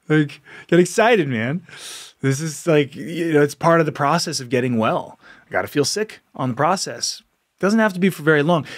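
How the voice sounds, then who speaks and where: A man hosting a podcast, delivering an impassioned monologue full of rhetorical questions and frequent laughs. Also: fairly high pitch. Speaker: podcast host.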